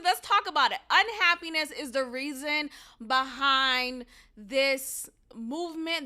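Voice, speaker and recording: A woman's voice: high-pitched, sharp tone. A young woman hosting her own podcast, talking casually and animatedly, swearing freely and laughing at her own jokes. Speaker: podcast host. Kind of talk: casual solo podcast commentary.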